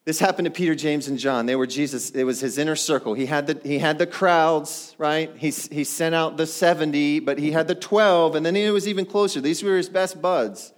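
A man's voice: fairly high pitch, fairly even intonation, moderate pace, hardly any pauses. A middle-aged male pastor preaching a sermon in a conversational way, often putting questions to the congregation.

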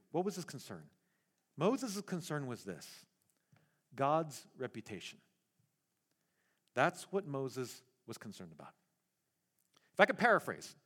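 Guy pastor preaching, high voice, swoops up and down a lot, stumbles on repeated words. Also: husky. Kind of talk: sermon.

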